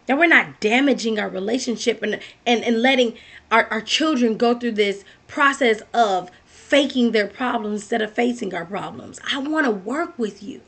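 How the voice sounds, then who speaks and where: A woman's voice: a little high, moderate pace. A woman giving a motivational talk, earnest and direct, repeating key phrases as she speaks to the listener.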